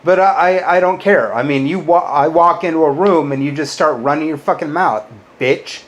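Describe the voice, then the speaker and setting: A man ranting bitterly at his critics in a to-camera monologue, swearing often, jumping up when riled and dropping low and quiet on insults. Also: normal speed, highs cut off. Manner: bitter, combative, swears a lot. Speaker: YouTuber.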